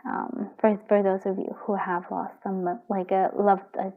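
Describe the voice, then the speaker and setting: A woman's voice: medium pitch, flat delivery, measured pace. Tender, rambling woman tarot reader. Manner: rambling, gentle, emotional, lots of fillers and restarts. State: tearing up. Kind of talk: casual pick-a-card tarot reading. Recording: tinny phone-like audio.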